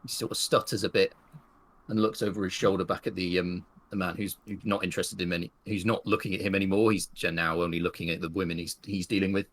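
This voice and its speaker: A man's voice: low-pitched, fairly even intonation, fast, fairly bright tone. A man narrating a western tabletop game as game master, rambling with many fillers.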